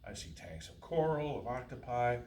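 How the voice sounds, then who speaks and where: A man's voice: mid-range voice, big pitch swings, moderate pace, darkish tone. A man reading his own first-person novel aloud at a college faculty reading, with a dry, wry delivery. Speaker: author reading his fiction. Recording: roomy, distant, faint hiss.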